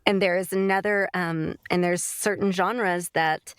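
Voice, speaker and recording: A woman's voice: lowish voice, fairly even intonation, measured pace, clean tone, dry recording, clean studio sound. A woman who narrates audiobooks, chatting casually as a podcast guest in a loose, rambling way. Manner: chatty, loose, full of "like" and "you know". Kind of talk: casual interview chat.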